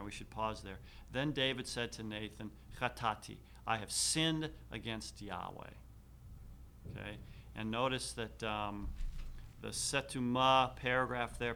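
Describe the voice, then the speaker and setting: Bright-voiced man teaching a class. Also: medium pitch, a little hiss or hum. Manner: slow, deliberate reading with frequent fillers. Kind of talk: classroom lecture.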